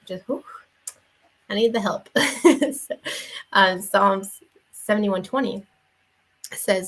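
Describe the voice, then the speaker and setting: A woman's voice: mid-range voice, steady tone, slow, long pauses, a bit bright, low-quality recording. A young woman giving a casual devotional talk in an earnest, conversational way, with many fillers and restarts. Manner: earnest, shares personal story. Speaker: faith vlogger and parent.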